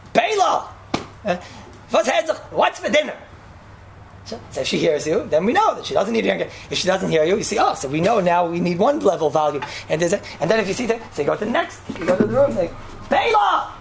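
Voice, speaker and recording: Fast, gravelly woman telling stories. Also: slight background noise. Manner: animated storyteller, sprinkles Hebrew and Yiddish terms; jumps to high pitch when acting out story lines. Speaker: seminary teacher. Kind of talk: casual Torah talk with stories.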